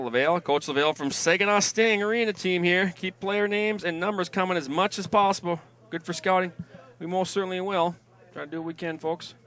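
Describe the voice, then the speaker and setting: A man calling a football game online, eagerly reading out viewer emails and shout-outs. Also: on the high side. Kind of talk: live sports webcast commentary.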